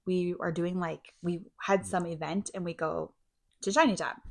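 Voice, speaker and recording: A woman's voice: on the low side, steady tone, normal speed, gravelly. A woman co-hosting a podcast, telling a long, rambling personal story in a casual, filler-heavy way. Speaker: podcast co-host.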